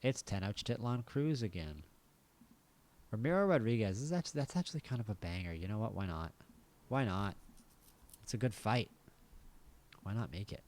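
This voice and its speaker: American man, low voice, casual gameplay commentary, thinking aloud, wry asides. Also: a little mellow. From United States. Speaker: gaming channel host.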